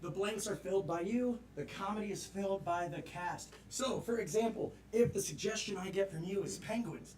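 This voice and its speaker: A man's voice: sits high, normal speed, few pauses, darkish tone. A man hosting a live improv comedy show on stage, chatty and playful. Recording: echoey stage from a distance with crowd. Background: audience.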